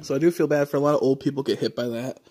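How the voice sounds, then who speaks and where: A man's voice: mid-range voice, steady tone, racing, darkish tone. A man livestreaming, chatting casually and rambling with many fillers and casual swearing.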